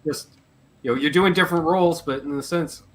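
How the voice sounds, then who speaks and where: A man's voice: a little high, fairly quick, a bit bright. A man hosting a live Q&A stream, chatting casually and reading out comments from the chat. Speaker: show host.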